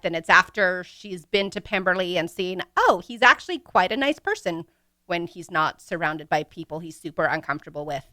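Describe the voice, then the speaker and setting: A woman co-hosting a podcast in a casual book discussion, chatty and bubbly, quick to laugh. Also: lowish voice, pushed and bright, no room sound, clean studio sound. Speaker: podcast co-host.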